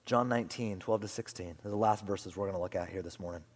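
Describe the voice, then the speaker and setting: A man preaching a sermon as pastor, swinging from loud emphatic lines to hushed whispers. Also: sits low, fast. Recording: long hall reverb.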